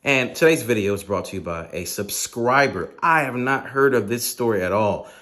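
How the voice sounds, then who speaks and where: Animated man hosting a gun channel. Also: medium pitch, normal speed. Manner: animated, talks straight to the viewer. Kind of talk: casual reaction commentary.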